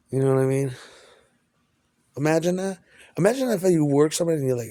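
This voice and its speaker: A man's voice: fairly high pitch, lively intonation, quick pace, long pauses, dark tone. A man at home, talking in a rambling, profane, stream-of-consciousness monologue.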